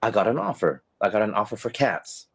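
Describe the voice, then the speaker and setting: A middle-aged former stage performer tells stories in a casual interview, a little fast, with a low, creaky, husky voice. He laughs and stays animated, acting out the voices of those he quotes.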